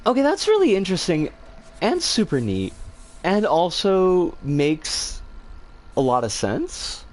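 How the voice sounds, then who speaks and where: A man streaming and chatting casually, answering viewer comments in a rambling, animated way with some swearing. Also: sits high, slow pace.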